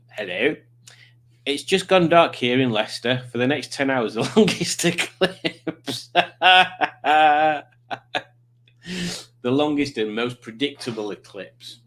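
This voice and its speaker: A man's voice: mid-range voice, animated, a little slow, fairly bright tone. A man chatting casually on a livestream, rambling and reading out viewer comments. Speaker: livestreaming YouTuber.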